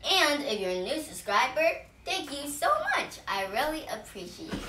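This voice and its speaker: A woman's voice: fairly high pitch, pushed and bright, far from the mic, a little hiss or hum. A woman vlogger explaining simple manners in an earnest, plain way, with restarts. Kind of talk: casual explainer vlog. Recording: echoey room, voice off the mic.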